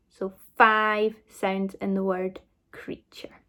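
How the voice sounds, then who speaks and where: A woman with a Scottish accent teaching a recorded phonics lesson to children, sounding out words slowly and praising often. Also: mid-range voice, fairly even intonation. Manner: slow, clear, encouraging sounding-out. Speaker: primary school teacher.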